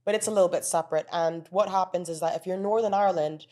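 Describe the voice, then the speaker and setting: A woman's voice: fairly low pitch, fairly even intonation, quick pace, darkish tone. A woman being interviewed who talks casually and earnestly, explaining things at length and restarting her sentences. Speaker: interview guest. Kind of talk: casual conversational storytelling.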